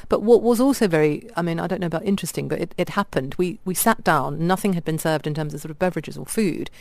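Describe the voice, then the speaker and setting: A woman from India chatting on a radio show, telling animated stories about restaurants. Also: deep voice, fast talker, gravelly, no echo. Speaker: radio guest reviewer. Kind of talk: casual radio chat.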